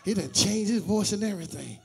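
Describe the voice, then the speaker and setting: A high-pitched, gravelly man preaches a sermon in a church, and his voice sounds a little husky. He swings between shouted, half-sung lines and quiet joking asides, while soft music plays behind him. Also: expressive, brisk. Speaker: pastor. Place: church sanctuary.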